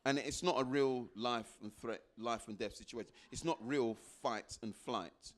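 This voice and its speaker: A man giving a motivational talk to a live audience, repeating phrases for emphasis and acting out little exchanges with sudden jumps into a high voice. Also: moderate pace. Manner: animated, acts out little dialogues with sudden high jumps in pitch. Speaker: guest speaker.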